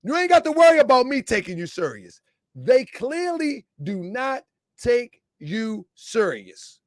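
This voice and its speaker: A man's voice: very high-pitched, fairly bright tone, dry recording, studio quality. A man giving a mocking commentary vlog, asking rhetorical questions and laughing often. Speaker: online commentator.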